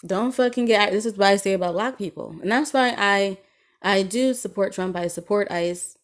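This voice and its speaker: A woman's voice: medium pitch, normal speed. Indignant woman ranting on her podcast. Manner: indignant, rambling rant with frequent ums and swearing. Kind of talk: casual solo podcast monologue.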